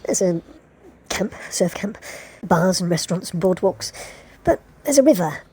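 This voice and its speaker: A woman's voice: on the low side, animated, unhurried, a little mellow, breathy edge. A woman casually narrating a travel vlog about surf spots, chatty and laughing now and then.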